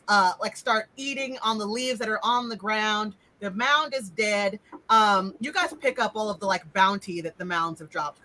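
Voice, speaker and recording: A woman running a tabletop role-playing game as game master, animated and teasing, laughing often. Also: on the high side, low-quality recording. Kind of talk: casual tabletop game narration.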